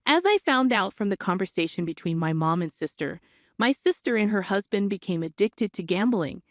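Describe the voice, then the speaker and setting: A woman narrating a scripted story, cool and matter-of-fact, her pitch moving in a lively way. The voice sounds dry and close, with no room around it. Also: moderate pace, dry recording.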